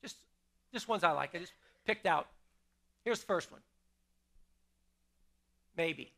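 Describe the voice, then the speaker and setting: A man's voice: high voice, lively intonation, slow pace, creaky, sharp tone. A middle-aged man preaching to his congregation as pastor, talking with them in a conversational way, asking questions and repeating key lines for emphasis. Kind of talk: sermon. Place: church sanctuary.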